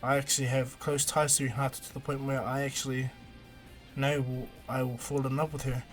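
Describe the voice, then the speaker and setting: A man voicing a brash, cheerful young male ninja hero, excitable and upbeat. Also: mid-range voice, a little fast, soft background music, natural voice. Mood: eager.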